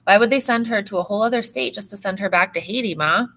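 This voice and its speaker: A woman's voice: mid-range voice, fast, sharp tone. A woman reading as a questioning teenage girl.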